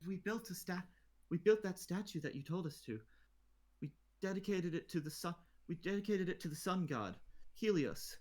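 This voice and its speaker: A man's voice: sits high, normal speed, a little mellow, voice pushed up, natural voice. Man doing a stuttering, starstruck teen boy. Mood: stammering. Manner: stuttering and nervous, eager. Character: awestruck, excitable teenage boy applicant.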